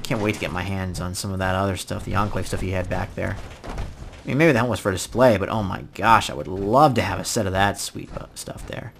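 A man giving casual let's-play commentary, excitable, swinging from mumbling to loud outbursts. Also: low-pitched, fairly quick, creaky, a little hiss or hum. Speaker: gaming YouTuber.

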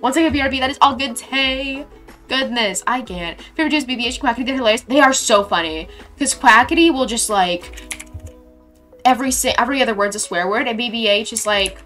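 Bubbly bright-voiced young woman streamer. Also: a little high, a little fast, soft background music. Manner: bubbly, reads chat aloud, sudden excited squeals. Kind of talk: casual live-stream chat while playing a game.

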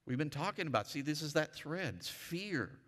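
Guy pastor preaching hard, bright forceful voice, big echoey church hall. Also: on the high side, animated, moderate pace. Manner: emphatic preaching with call-and-response. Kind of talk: sermon. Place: church sanctuary. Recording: long reverb of a church hall.

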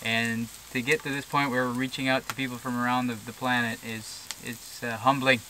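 A man's voice: mid-range voice, flat delivery, brisk, sharp tone, a little hiss or hum. A man from rural New Brunswick, chatting casually to camera in the woods, rambling with fillers and chuckles. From rural New Brunswick, Canada. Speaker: bushcraft channel host. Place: outdoors in the woods. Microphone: camera-mounted shotgun mic.

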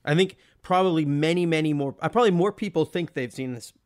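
A man's voice: fairly high pitch, fast. Enthusiastic man chatting about films. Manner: enthusiastic, laughs often, animated mimicry. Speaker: podcast co-host. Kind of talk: casual film discussion.

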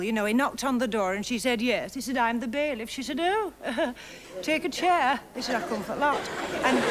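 On a TV studio stage in front of a live audience, a stand-up comedian with a slightly high voice gossips chattily. She fires off deadpan one-liners and laughs at her own jokes. It's an archive TV recording with audience laughter.

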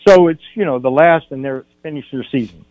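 Older man, film director guest, radio interview, animated storyteller, dry dull studio audio. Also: mid-range voice, a little fast, no room sound. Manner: animated anecdote teller, acts out quotes.

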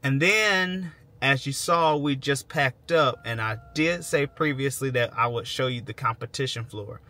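Vlog host, male, bright forward tone, loose and rambling delivery, casual to-camera chat. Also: mid-range voice. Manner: rambling, self-correcting explanations.

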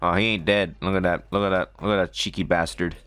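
A man giving excitable let's-play commentary, talking to himself and shouting at the game. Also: sits low, fast. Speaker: gamer.

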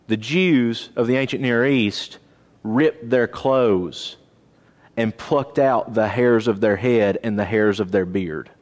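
A man teaching a Bible class in a church auditorium, lively and questioning his listeners. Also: lowish voice, slow. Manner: animated, asks the class questions. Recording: long reverb of a church auditorium.

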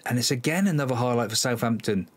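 A man's voice: medium pitch, fast talker, slightly rough. A man hosting a football management let's-play, commenting live on the match, exasperated and sighing, talking to his players. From Cornwall, England.

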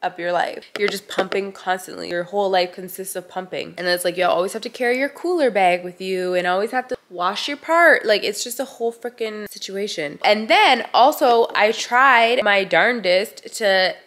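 Congested young mom chatting through a storytime. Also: female voice, medium pitch, normal speed, few pauses, fairly bright tone. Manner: chatty, filler-heavy retelling with many "like"s. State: congested, with a sore throat. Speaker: vlogger and mom. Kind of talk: casual storytime vlog.

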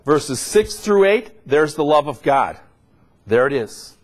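Man, middle-aged, preacher, slightly high voice, lively pitch, emphatic sermon delivery. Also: takes it slowly. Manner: emphatic, swings between loud high peaks and low quiet asides.

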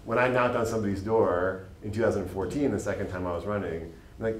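A state legislator, late 20s, responds at a public panel in an earnest, wandering manner full of fillers. He talks briskly in a fairly low voice, barely pausing, and the recording has an echoey room sound with faint noise behind it.

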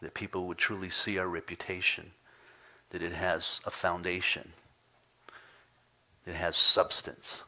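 Lively preacher with a bright voice. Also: male voice, measured pace, long pauses. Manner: animated storytelling, voice climbing high and loud when retelling frustration; drops to a soft, near-whispered hush on solemn points. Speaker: pastor. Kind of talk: sermon.

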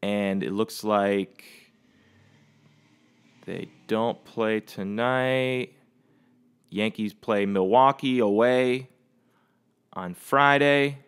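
Slow, smooth-voiced man rambling casually. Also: on the low side. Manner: rambling, profane, easygoing. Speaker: podcast host. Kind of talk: casual solo chat.

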